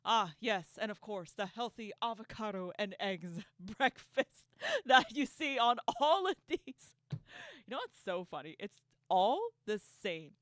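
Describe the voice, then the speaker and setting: Lively sarcastic woman commentator. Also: mid-range voice, a little slow, dry recording, clean studio sound. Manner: sarcastic, laughs often, repeats words when flustered. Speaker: online commentator. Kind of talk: casual reaction commentary.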